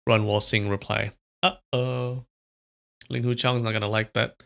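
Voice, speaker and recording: A man's voice: on the low side, flat delivery, a little slow, vocal fry, a bit bright, clean tone. A man reading a novel aloud on a livestream and chatting casually with viewers between passages. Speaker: livestream storyteller.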